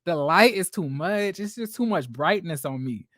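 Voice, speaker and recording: A woman's voice: lowish voice, expressive, normal speed, no room sound, studio quality. A woman in her twenties hosting a casual livestream, chatty and sassy, greeting viewers by name. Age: 20s. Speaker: livestream host.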